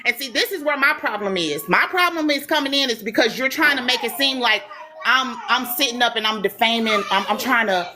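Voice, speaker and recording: A woman's voice: a little high, brisk. A woman hosting a livestream, arguing passionately while crying and insisting she meant no harm. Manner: impassioned, tearful, insistent. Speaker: livestream host. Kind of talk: emotional livestream argument.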